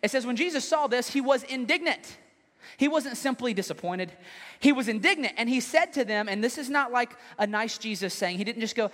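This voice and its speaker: A male pastor preaching a sermon in an animated, joking way. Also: extremely high pitch, fairly quick. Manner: animated, joking, acts out scenes. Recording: long hall reverb.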